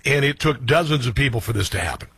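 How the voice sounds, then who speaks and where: This man's mid-range voice is expressive, quick, a bit bright and slightly rough, captured dry. Hosting a political talk show, he reads headlines and riffs on them with asides in blunt, combative talk-radio commentary.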